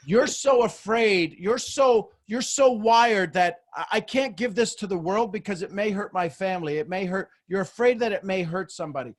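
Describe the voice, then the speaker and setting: A man, hosting a group video call as a mentor, animated and goofy, often repeating words as he talks. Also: sits high, moderate pace, few pauses.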